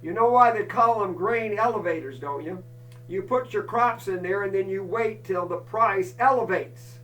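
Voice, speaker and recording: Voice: medium pitch, moderate pace, a bit bright, far from the mic, low-quality recording. A storyteller telling a folk campfire tale, folksy and chatty, with asides to the listeners.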